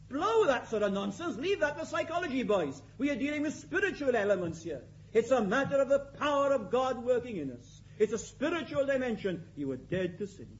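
A man preaching a sermon in an emphatic way, repeating his key phrases and swinging between loud and quiet. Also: sits high, lo-fi sound, slight background noise.

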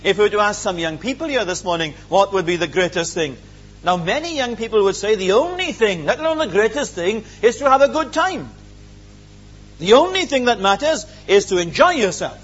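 A man's voice: sits high, animated, brisk, fairly bright tone, husky, dull audio. A man preaching a sermon, earnest and emphatic, with many rhetorical questions.

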